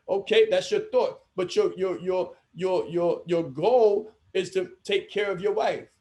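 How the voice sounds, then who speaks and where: A man's voice: sits high, a little slow, few pauses, warm tone. A man giving a training lecture to coaches, emphatic and given to repeating his key phrases.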